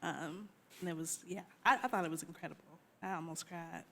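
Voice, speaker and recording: A woman's voice: lowish voice, a little fast, gravelly, fairly bright tone. A woman on a discussion panel speaking enthusiastically and emphatically.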